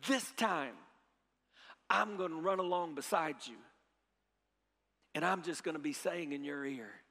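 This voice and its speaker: A middle-aged man preaching a sermon, telling a story with big swings from hushed to loud and leading the crowd in repeated phrases. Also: on the high side, a little slow, vocal fry. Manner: repeats phrases, leads audience call-and-response. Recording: long hall reverb.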